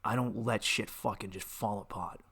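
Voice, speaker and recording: A man's voice: on the low side, fairly even intonation, moderate pace, gravelly, a bit bright, husky. A young man, hosting a podcast as a candid personal monologue, profane and impassioned, with restarts and rising outbursts. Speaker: podcast host.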